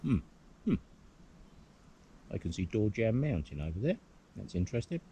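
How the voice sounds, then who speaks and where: English man, very low voice, mellow tone, rambling outdoor vlog chat, faint outdoor ambience. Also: sing-song, normal speed, slight background noise. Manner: rambling, musing aloud with many hums. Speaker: hiking vlogger. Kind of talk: casual outdoor vlog commentary. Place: outdoors on a hillside.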